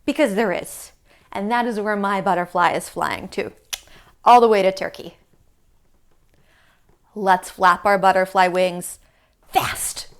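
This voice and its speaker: A young woman leads small children through a yoga class, drawing out her words slowly and patiently. Her voice is sing-song and encouraging, pitched at a middle level for a woman, the way a teacher talks to a class of little ones. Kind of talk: leading a kids' yoga class.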